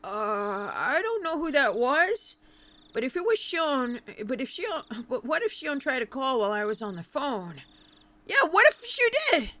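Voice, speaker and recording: A woman's voice: high voice, very animated, measured pace, fairly bright tone, full character voice. Woman voicing a brooding teen boy narrator. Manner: brooding inner monologue. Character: teenage boy narrator, anxious and self-scolding. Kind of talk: visual novel narration.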